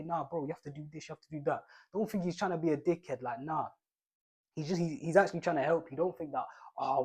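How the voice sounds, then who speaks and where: A man's voice: a little high, darkish tone, breathy edge. A young man giving casual football advice, rambling in slang and restarting his phrases often.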